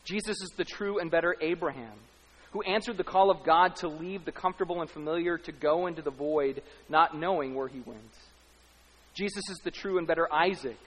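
A man's voice: fairly high pitch, fairly bright tone. A man preaching a sermon as pastor, speaking emphatically, building runs of repeated lines and rhetorical questions. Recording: long hall reverb.

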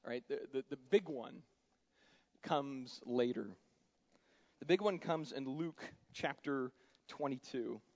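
Male pastor, slightly high, conversational preaching with big loud-soft swings, muffled lo-fi recording. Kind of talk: sermon. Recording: dull lo-fi sound.

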